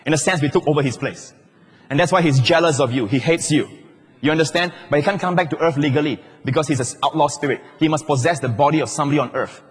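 A man preaching, his husky, slightly raised voice carrying through a big hall with a long echo. He keeps checking in with listeners and slips in playful asides between points. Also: a little high, fast. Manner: playful, teasing asides to the congregation. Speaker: pastor. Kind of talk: sermon. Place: large church hall.

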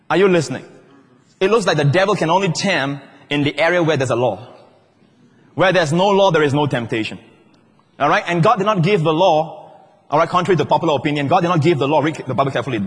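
Male pastor, husky voice, sermon delivery with teasing audience asides. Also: fairly high pitch. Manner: playful, teasing asides to the congregation. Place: large church hall. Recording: long hall reverb.

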